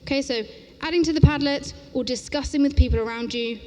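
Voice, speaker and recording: The setting is a large conference lecture hall with a long, reverberant sound, where a woman teacher trainer presents an interactive workshop. She speaks lively and brisk in a slightly high voice, often checking "okay?".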